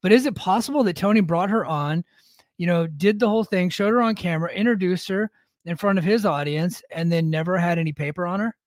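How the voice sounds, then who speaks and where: A man's voice: high-pitched, brisk, no echo, studio quality. A man co-hosting a podcast in casual talk, easygoing and agreeable, with many fillers. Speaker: podcast co-host.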